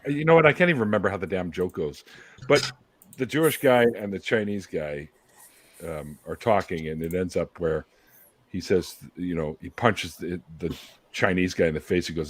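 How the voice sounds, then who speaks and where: A low, husky-voiced man hosting a relaxed online chat over a computer mic. His pitch swings widely as he rambles, swears and loses track of his own story. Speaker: livestream host. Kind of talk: casual chat.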